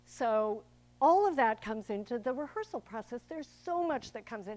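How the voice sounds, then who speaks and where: Older woman, actor and director, public talk, chatty, theatrical, slightly high voice. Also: expressive, moderate pace, a little mellow.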